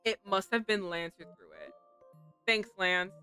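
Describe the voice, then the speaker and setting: A woman streaming a game, reacting with animated, dramatic commentary and reading the lines aloud. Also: mid-range voice, a little slow, clean tone, faint music behind. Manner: animated, laughing, dramatic outbursts. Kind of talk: game playthrough with commentary and read-aloud translation.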